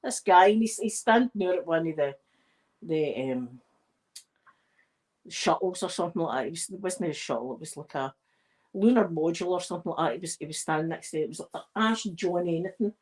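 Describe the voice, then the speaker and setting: A woman's voice: low-pitched, animated, a little fast, a little mellow. A Scottish woman chatting casually and rambling through stories as she decorates a tree for an ASMR video. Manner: rambling, digressive storytelling.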